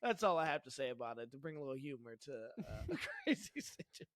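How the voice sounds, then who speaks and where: A man's voice: medium pitch, sing-song, fast talker, slight background noise. A man co-hosting a casual college sports podcast, who tells stories and laughs often. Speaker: podcast co-host.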